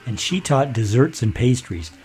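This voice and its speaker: A man's voice: medium pitch, animated, moderate pace, dark tone, faint music behind. A man casually telling a rambling story while playing a game, chuckling and restarting sentences. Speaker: gameplay commentator.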